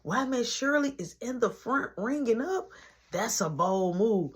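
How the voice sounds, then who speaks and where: A woman telling a casual storytime monologue, animated and acting out others' lines. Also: a little high, a little slow, slightly rough. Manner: animated, acts out dialogue.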